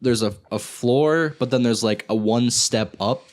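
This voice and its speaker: A man's voice: medium pitch, unhurried. A man in his early twenties co-hosting a casual podcast, rambling with lots of "like" and "you know.". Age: 20s. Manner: rambling, filler-heavy. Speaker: podcast co-host. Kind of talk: casual chat.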